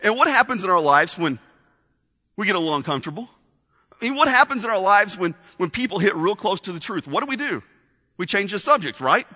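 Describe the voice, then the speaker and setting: Lively male preacher, high bright voice, storytelling sermon style. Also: a little fast. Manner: animated storytelling with asides to the congregation. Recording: long hall reverb.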